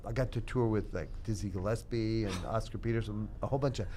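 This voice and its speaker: A man's voice: lowish voice, fast, dark tone, slight background noise. A man, a guest trumpet player, telling stories in a casual radio interview, self-deprecating and laughing often.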